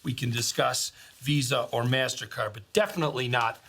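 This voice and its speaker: Saul Goodman, gravelly Chicago hustler. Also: mid-range voice, normal speed, sharp tone, a little hiss or hum. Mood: smooth. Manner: brash, wheedling sales patter. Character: slick fast-talking male lawyer, brash showman.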